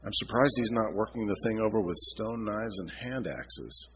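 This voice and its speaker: A man's voice: fairly low pitch, lively intonation, normal speed, fairly bright tone, a little hiss or hum. A man voicing a wry, teasing young male scientist in a story read aloud.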